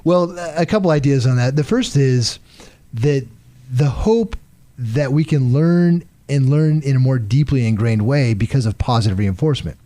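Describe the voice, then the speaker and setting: An earnest male therapist talks through practical relationship advice in a conversational way. His voice is mellow and dark, recorded close and dry with no room sound. Mid-pitched and steady. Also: moderate pace, no room sound. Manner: earnest, pragmatic, uses acted-out examples. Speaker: marriage and family therapist guest. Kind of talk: conversational advice on a radio talk show.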